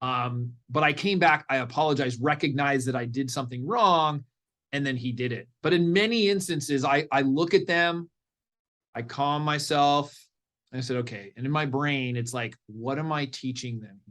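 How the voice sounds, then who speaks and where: A middle-aged man, a parenting coach guest in a podcast interview, telling stories in an animated way and acting out what people said. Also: on the high side, normal speed. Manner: animated storyteller, acts out quotes.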